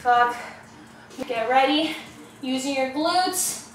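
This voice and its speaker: A woman's voice: sits high, takes it slowly, slight background noise. A young woman leading a follow-along workout, counting reps out of breath and swearing as she strains. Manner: counting reps aloud, swearing and groaning with effort. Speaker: fitness vlogger. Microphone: camera at a distance. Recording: echoey room, camera far off, music behind.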